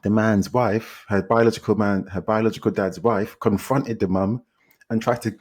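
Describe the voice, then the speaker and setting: Husky-voiced London man retelling a story. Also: lowish voice, normal speed. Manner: animated retelling, quotes people in character, repeats himself. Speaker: podcast co-host reviewing films. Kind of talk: casual chat.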